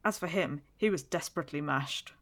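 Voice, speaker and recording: A woman's voice: low-pitched, fairly quick, fairly bright tone, pitched below the performer's own voice. A woman reading the part of a fat, jovial older lord who gossips with exclamations, in an audiobook. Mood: gossipy. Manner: chatty, gossipy storytelling with exclamations.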